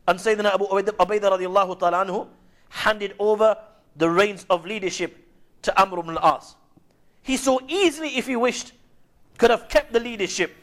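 A male preacher tells history in a measured sermon, adding Arabic honorifics throughout. His voice sits high for a man. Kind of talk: sermon retelling Islamic history.

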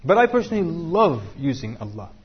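A man's voice: on the high side, very animated, fairly quick, husky, highs cut off. A man teaching a class, joking and asking the room questions. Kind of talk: interactive class talk with students.

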